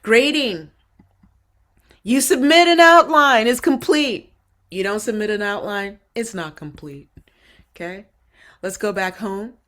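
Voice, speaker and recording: A woman teaching an online writing course, walking students through an assignment in an animated, coaxing way and often checking in with "okay?" and "right?". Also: mid-range voice, measured pace, long pauses. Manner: direct, addresses students as "you guys" and "y'all". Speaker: college writing instructor. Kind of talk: recorded online course walkthrough.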